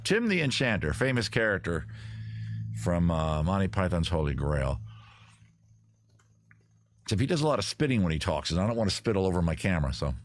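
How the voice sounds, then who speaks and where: A man's voice: low-pitched, brisk, pauses often. A man hosting a casual livestream from outdoors by a fire, joking and rambling as he goes. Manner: rambling, jokey, animated. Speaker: livestream host.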